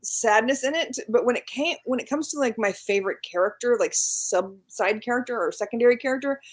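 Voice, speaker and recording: A woman's voice: fairly high pitch, brisk. A woman as a podcast guest, enthusiastic and laughing, with many fillers. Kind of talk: casual group chat.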